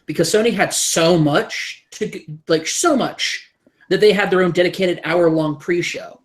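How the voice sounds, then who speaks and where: A man co-hosting a podcast in casual chat, enthusiastic and quick to chime in. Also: sits high. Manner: enthusiastic, chiming in often. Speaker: podcast co-host.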